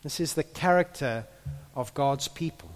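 A man preaching a sermon, earnest, building to loud impassioned peaks and repeating his words as he goes. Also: medium pitch, moderate pace, soft background music. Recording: echoey hall with long reverb.

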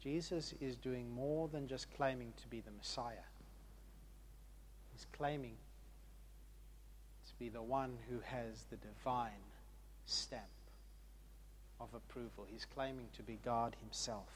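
A man preaching a sermon in an emphatic way, moving between hushed and loud passages and often repeating words. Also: medium pitch, fairly even intonation, slow, pauses often, slight background noise.

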